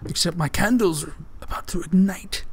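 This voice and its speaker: A man's voice: sits high, moderate pace, slight background noise. A man giving casual let's-play commentary on a horror game, joking and muttering to himself. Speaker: gamer playing a horror game.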